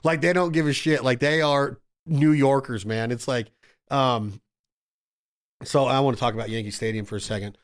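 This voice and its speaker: A man in casual podcast chat, telling excited, profane stories and calling his friend "bro" and "dude". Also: mid-range voice, normal speed.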